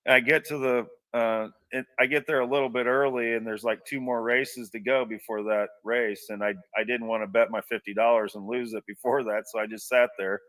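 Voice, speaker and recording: A man's voice: mid-range voice, fairly even intonation, a little fast, few pauses, a bit bright, far from the mic. A man telling a long personal anecdote in a casual, rambling way, full of restarts and asides. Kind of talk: casual storytelling.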